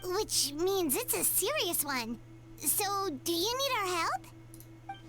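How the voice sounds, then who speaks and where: A woman voicing a tiny, excitable female fairy companion in a video game, with a squeaky, childlike voice. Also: takes it slowly, full character voice. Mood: eager. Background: loud game music.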